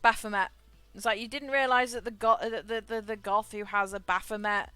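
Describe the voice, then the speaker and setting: A woman's voice: medium pitch, fairly even intonation, fairly quick, sharp tone, smooth, no echo, soft background music. A woman streamer chatting casually and rambling as she plays a game, often laughing. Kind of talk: casual chat while gaming.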